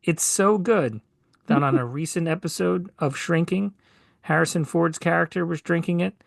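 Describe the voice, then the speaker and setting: A man's voice: fairly high pitch, moderate pace, creaky, dry recording. A man co-hosting a casual podcast, trading dry wisecracks. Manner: dry wisecracks, reads ad-like copy aloud. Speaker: podcast co-host.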